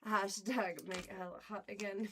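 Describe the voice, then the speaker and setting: A woman's voice: medium pitch, steady tone, slow pace, pushed and bright, a little hiss or hum. A woman hosting a casual livestream, talking playfully and theatrically to her chat, with frequent laughs, mock outrage and sudden whispers. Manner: laughs often between lines. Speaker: livestream host.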